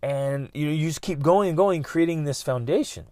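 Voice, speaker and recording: A man's voice: on the high side, moderate pace, mellow, dry recording. A middle-aged man hosting a motivational podcast, talking earnestly and often restarting his sentences. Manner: earnest, repeats words, many restarts. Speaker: podcast host.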